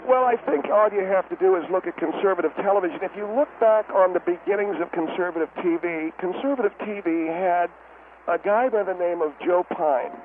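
A man calling in to a radio show, rambling and halting as he keeps losing his train of thought. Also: sits high. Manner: rambling, halting, easily distracted. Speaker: caller. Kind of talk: comedic rambling phone call. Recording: tinny phone line. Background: piano music.

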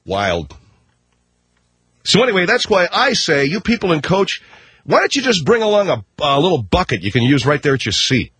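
A man's voice: fairly high pitch, wildly swooping pitch, moderate pace, a bit bright, slightly rough, no echo. A middle-aged man hosting a comedy radio show, joking wryly and bickering with exasperation. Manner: wry, exasperated banter.

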